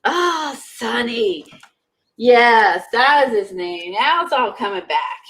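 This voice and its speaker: An excitable woman chatting casually as she works on an art project, gushing and quick to giggle. Her voice sits a little high and sounds bright and crisp. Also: rough recording. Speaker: co-host making mixed media art. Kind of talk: casual chat while crafting.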